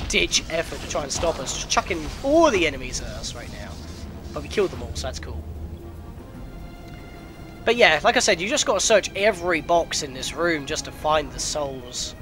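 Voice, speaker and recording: A man narrating his gameplay in a chatty, excitable way with sudden outbursts. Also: a little high. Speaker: let's player. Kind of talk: gameplay commentary.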